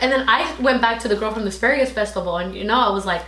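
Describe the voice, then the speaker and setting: Young woman, casual storytelling, bright voice, echoey room, animated, swears a lot. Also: a little high, very fast, hardly any pauses. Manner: animated, swears freely, acts out quotes. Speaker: vlogger.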